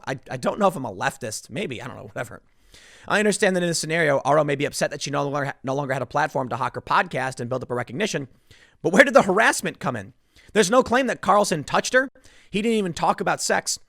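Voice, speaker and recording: Animated man in a dry commentary. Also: fairly high pitch, quick pace, creaky, no room sound. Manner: animated, acts out quoted voices. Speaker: political commentator. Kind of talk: solo political commentary.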